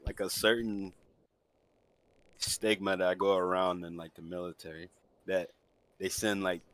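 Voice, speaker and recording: Low-voiced laid-back man. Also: flat delivery, unhurried, fairly bright tone. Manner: laid-back, slangy, many fillers. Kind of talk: casual chat.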